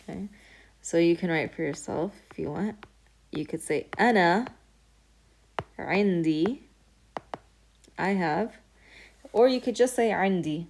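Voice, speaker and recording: A woman's voice: lowish voice, a little slow, gravelly, long pauses, darkish tone, slight background noise. Patient woman teaching Arabic basics. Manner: patient step-by-step explaining, modeling words aloud. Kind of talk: recorded lecture.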